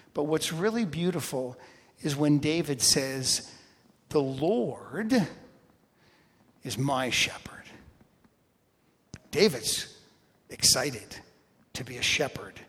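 Expressive preacher man in a reverberant church. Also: on the high side, husky. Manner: expressive, swings from loud emphasis to hushed tones. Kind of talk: sermon. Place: church with a balcony and congregation. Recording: long hall reverb.

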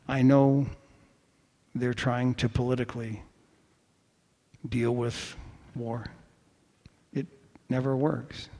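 Slow, measured preaching man in a reverberant hall. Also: medium pitch, level tone. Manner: emphatic, measured preaching with dramatic pauses. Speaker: pastor. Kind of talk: sermon.

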